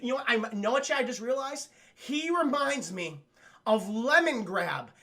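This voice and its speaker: Animated, profane man streaming a cartoon recap. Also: extremely high pitch, moderate pace. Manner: animated, addresses chat constantly, laughs often. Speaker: cartoon reviewer live-streaming to chat. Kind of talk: casual profane recap commentary.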